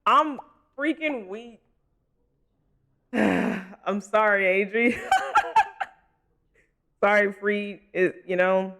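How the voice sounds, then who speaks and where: A man's voice: sits high, very slow, long pauses, bright, forceful tone. A man livestreaming a game, chatting casually with viewers and laughing often. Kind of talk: casual gaming stream chat.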